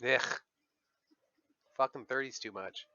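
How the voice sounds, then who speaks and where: A man's voice: medium pitch, slow pace, bright, forceful tone, clean tone, highs cut off. A man hosting a livestream, chatting casually with friends on voice chat, full of fillers and the odd swear. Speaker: livestream host.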